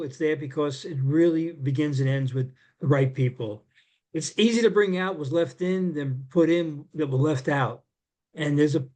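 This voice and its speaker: A man's voice: on the high side, darkish tone. A man giving a business coaching presentation to shop owners, earnest and repeating his words for emphasis.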